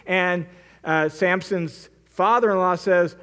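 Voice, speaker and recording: A man's voice: high-pitched, animated, normal speed, fairly bright tone. A male pastor preaching a sermon, retelling a story vividly and acting out the characters' lines. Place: church.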